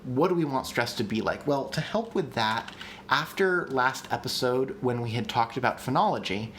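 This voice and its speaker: A man's voice: medium pitch, lively intonation, moderate pace, fairly bright tone, slight background noise. A man hosting a casual live-stream lesson, chatty and enthusiastic, with frequent ums and restarts. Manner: chatty and enthusiastic, with many ums and restarts, reads chat aloud. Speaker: streamer teaching language construction.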